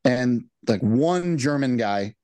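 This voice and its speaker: A medium-pitched, animated male voice, slow and a little mellow, recorded with no echo. He's co-hosting a film podcast, chatting casually in a wry, rambling way and restarting his sentences a lot.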